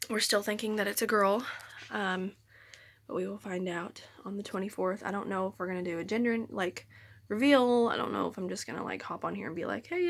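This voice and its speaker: In a bedroom pregnancy update, a young woman vlogs on a handheld phone at arm's length, her mid-range voice recorded with no echo. She's a bit out of breath and chats casually, rambling and apologetic, with many ums.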